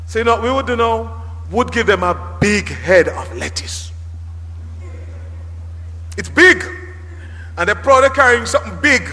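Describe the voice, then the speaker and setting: Male pastor, high bright voice, lively preaching, echoing church hall. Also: normal speed, long pauses. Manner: animated preaching with dramatic emphasis and shouts. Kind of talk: sermon. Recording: reverberant hall.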